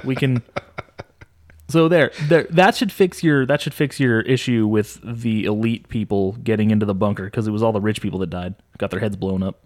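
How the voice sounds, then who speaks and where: Man, 30s, podcast co-host: casual, excitable, laughs a lot, swears freely. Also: lowish voice, a little fast, few pauses. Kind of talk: casual chat.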